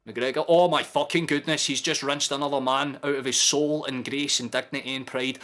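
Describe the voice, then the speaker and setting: A Scottish man in his twenties giving sweary, excitable live commentary while hosting a football watchalong stream. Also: mid-range voice, brisk, few pauses. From Scotland. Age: 20s. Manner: excitable, sweary, shouting at big moments.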